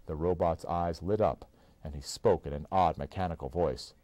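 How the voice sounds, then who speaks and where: A man reading a children's book aloud to his child, with expressive, animated storytelling. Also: deep voice, moderate pace, no echo. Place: indoors.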